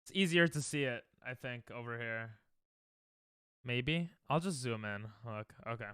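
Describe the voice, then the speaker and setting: Bright, clear-voiced male streamer. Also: medium pitch, measured pace, dry recording, clean studio sound. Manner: rambling, self-interrupting, joking. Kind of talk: casual livestream chat.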